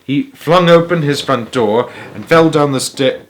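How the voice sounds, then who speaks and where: A man reading a children's book aloud as a storyteller, lively and expressive. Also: fairly high pitch, unhurried, few pauses.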